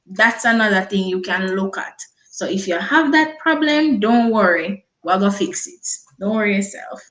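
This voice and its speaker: A woman co-hosting a talk show, sharing reflections in a measured, reassuring way. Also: medium pitch, expressive, fairly bright tone. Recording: echoey room.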